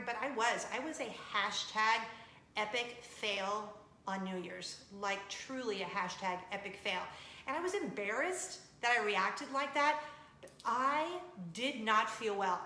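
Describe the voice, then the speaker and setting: A woman's voice: mid-range voice, bright, forceful tone, reverberant, poor audio. A woman, hosting a vlog and telling a personal story in a chatty, confessional way, laughing as she goes. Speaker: vlog host. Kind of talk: casual storytelling to camera.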